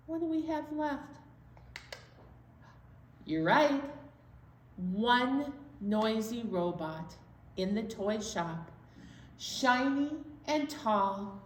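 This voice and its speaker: High, lively woman reading a storytime tale. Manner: sing-song, drawn-out storytelling with playful asides. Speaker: children's storytime host. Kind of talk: reading a counting story to young children. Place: library room. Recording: echoey room.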